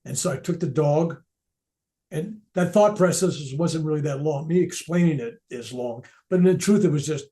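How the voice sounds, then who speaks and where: A man's voice: a little high, normal speed, warm tone. An older man, a reverend, giving an earnest, reflective talk as he tells a personal spiritual story to an audience. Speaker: reverend and speaker at a veterans event.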